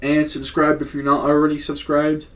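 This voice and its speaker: A man's voice: on the high side, moderate pace, recorded from a distance. A young man telling a story in casual slang, acting out the quotes. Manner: slangy, animated, acts out quotes. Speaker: storytime vlogger.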